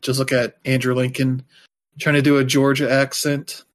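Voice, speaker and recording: A man's voice: mid-range voice, completely flat delivery, moderate pace. A man chatting casually as a podcast co-host, rambling loosely with lots of fillers and dropping wry, offhand asides. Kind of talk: casual chat.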